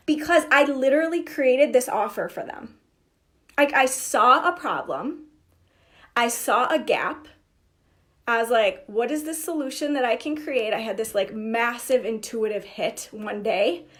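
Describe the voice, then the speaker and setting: A young woman coaching on business in a casual, energetic talk, emphatic and acting out inner voices. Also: on the high side. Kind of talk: casual direct-to-camera talk.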